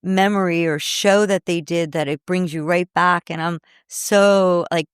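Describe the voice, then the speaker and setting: A woman guest on a podcast in casual chat, reminiscing in a soft-spoken way. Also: lowish voice, fairly even intonation, measured pace, clean tone, no room sound, clean studio sound.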